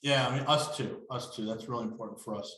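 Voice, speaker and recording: A man's voice: mid-range voice, fast talker, a bit bright. A man hosting an interview, rambling with many restarts. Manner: rambling, full of restarts and fillers. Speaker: host. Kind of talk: casual interview chat. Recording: roomy echo.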